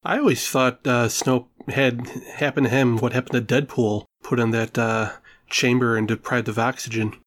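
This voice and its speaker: A man's voice: mid-range voice, level tone, moderate pace, hardly any pauses, fairly bright tone. A man co-hosting a podcast in casual chat, joking in an offhand way. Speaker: podcast co-host.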